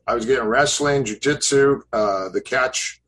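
This fifties-aged podcast guest, who coaches grappling, reminisces loosely about his old training days, restarting sentences and leaning on fillers. He speaks at normal speed with a medium, slightly bright voice, captured on poor audio.

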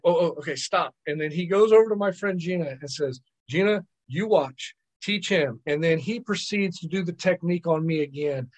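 Podcast guest, man, somewhat high voice, animated and chatty storyteller. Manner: animated storyteller, repeats words and asks "right?". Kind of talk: casual storytelling.

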